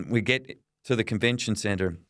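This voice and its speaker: Middle-aged Australian man, seasoned reporter guest, lively anecdotal storyteller, lower voice, dry close sound. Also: measured pace, no echo. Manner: lively anecdotal storyteller, quotes people in character. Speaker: veteran journalist guest. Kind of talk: storytelling interview.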